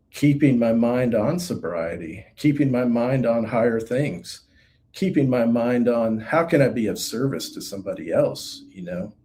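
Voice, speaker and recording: Middle-aged man, mellow and warm-toned, earnest and halting testimony, lots of fillers. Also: mid-range voice. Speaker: guest sharing recovery story. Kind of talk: reflective personal testimony.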